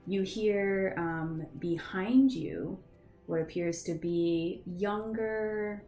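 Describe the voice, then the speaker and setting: A young woman runs a tabletop game in a loose, chatty way, pausing often with ums. Her voice sits fairly low for a woman. The room is echoey, with faint music playing behind her. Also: darkish tone. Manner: casual, many ums and restarts. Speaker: game master.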